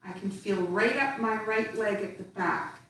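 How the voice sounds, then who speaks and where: A woman teaching tai chi, calmly talking through each step and movement. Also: medium pitch, unhurried, slight background noise. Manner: calm, instructive, counting out steps. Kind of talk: guided movement lesson. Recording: echoey room from far off.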